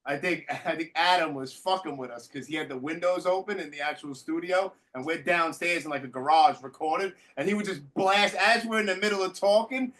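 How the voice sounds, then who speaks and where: A man hosting a podcast, telling stories in casual chat with lots of swearing. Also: on the high side. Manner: animated storyteller, swears freely. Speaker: podcast host.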